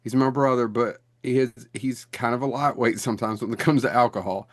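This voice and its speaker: A man's voice: mid-range voice, fairly even intonation, a little fast, dry recording, clean studio sound. A man in his forties, a podcast co-host, rambling through anecdotes in casual chat with frequent laughter.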